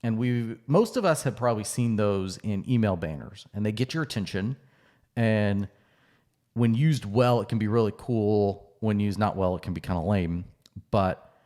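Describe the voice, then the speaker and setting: A man's voice: on the low side, lively intonation, a little slow, darkish tone. A man co-hosting a podcast in a casual, conversational way, with fillers and restarts. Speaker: podcast co-host.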